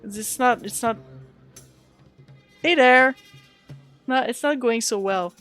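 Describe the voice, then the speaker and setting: A woman's voice: on the high side, normal speed, soft background music. A woman streaming a role-playing game, chatting casually and thanking her viewers. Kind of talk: casual live-stream chat while playing.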